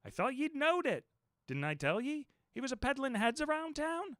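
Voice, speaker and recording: A man voicing a grinning, joking male innkeeper with a high, drawling, teasing voice. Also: very animated, normal speed, a bit bright, no room sound, studio quality, full character voice.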